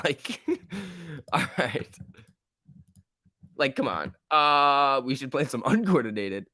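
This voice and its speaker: An excitable young man chats through a live stock-market stream, laughing easily and reacting to the chat as it scrolls by. His voice sits in a middle register and sounds dry and close, with no room echo around it. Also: medium pitch, a little slow, pauses often. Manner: excitable, laughs often, reads chat aloud. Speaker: stock livestream host.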